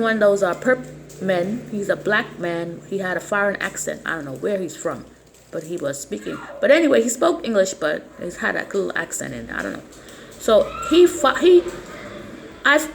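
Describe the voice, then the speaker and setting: A woman's voice: medium pitch, creaky, a bit bright. A woman talking casually to camera in a rambling, agitated way, often stumbling and repeating herself. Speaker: vlogger. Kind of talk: casual vlog monologue.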